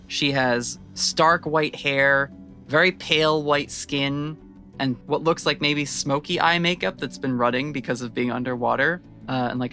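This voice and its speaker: A woman's voice: a bass voice, fairly bright tone. A woman narrating a tabletop horror game as game master, with chatty, descriptive storytelling.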